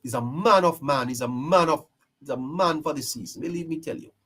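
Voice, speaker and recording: A man's voice: fairly high pitch, fairly quick, bright, forceful tone. A man hosting a live-stream political commentary, emphatic and preachy, repeating his phrases for effect. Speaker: live-stream show host.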